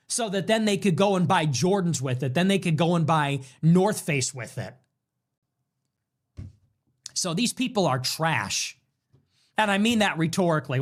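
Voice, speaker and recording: A man rants heatedly in a played clip. His pitch sits fairly high and swings widely. He hammers his points with forceful repetition. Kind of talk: political rant clip.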